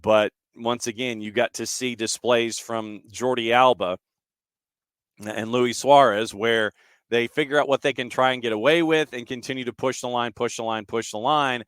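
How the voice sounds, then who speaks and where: A man's voice: medium pitch, fairly even intonation, normal speed, fairly bright tone, clean tone, no echo, studio quality. A man hosting a sports talk show, going through match stats and broadcast news in a loose, rambling way, full of "uh" and repeated phrases. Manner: rambling with many fillers, repeats phrases for emphasis. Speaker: podcast host.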